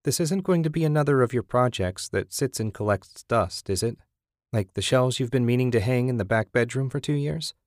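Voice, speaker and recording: A man's voice: mid-range voice, animated, a little fast, no room sound, clean studio sound, voice pushed up, close to an everyday voice. A man voicing a wry, teasing wife. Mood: gentle. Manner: sarcastic, needling. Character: wry, teasing married woman.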